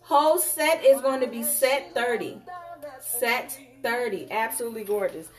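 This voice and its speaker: A woman selling jewelry on a live stream, sassy and animated, calling her viewers honey. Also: a little high, moderate pace, faint music behind. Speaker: online jewelry seller.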